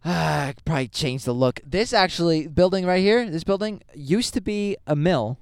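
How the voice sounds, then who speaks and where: Young male co-host, higher voice, loose rambling chat, recorded in a car. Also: moderate pace, dry recording, clean studio sound. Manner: rambling, swears casually, restarts often. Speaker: podcast co-host.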